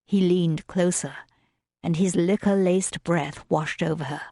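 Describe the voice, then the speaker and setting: A woman narrating a romance audiobook in a measured, even reading style. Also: on the low side, dry recording, clean studio sound. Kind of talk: scripted narration.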